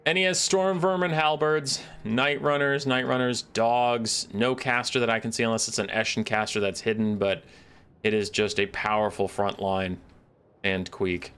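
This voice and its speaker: A man's voice: mid-range voice, steady tone, normal speed, a bit bright, clear, resonant tone. A man streaming a strategy game, giving casual running commentary on his moves, playful and self-deprecating. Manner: playful, mock-scolding asides, self-deprecating. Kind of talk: casual live gameplay commentary.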